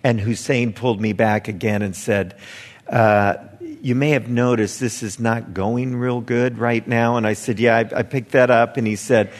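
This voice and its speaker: A man's voice: mid-range voice, normal speed. Missionary guy telling his story, talks like he's chatting, quotes people, dry jokes, lots of hall echo. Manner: conversational, animated retelling with quoted dialogue and wry humor. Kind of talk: spoken testimony storytelling.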